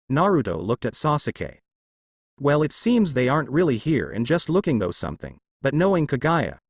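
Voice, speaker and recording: A man narrates a fan-fiction story with a lively, rising-and-falling delivery. He reads every character in his own voice, close to a dry mic. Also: medium pitch, no echo. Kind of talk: fan fiction read-aloud.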